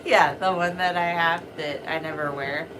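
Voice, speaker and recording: A woman's voice: deep voice, fairly even intonation, normal speed, noisy background. A woman co-hosting a casual livestream, chiming in with dry, teasing short remarks. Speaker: co-host, host's wife. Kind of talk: casual live chat.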